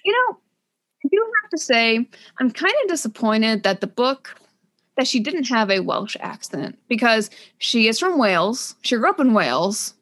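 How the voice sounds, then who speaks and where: Gushing animated woman podcast host. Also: fairly high pitch. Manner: animated, gushing, quick asides. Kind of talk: casual book chat.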